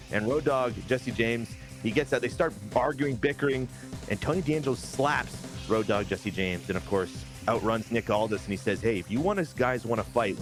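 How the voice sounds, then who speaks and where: A man giving a casual recap of his wrestling game league, excitable and swearing now and then. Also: medium pitch. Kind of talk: casual gameplay recap commentary.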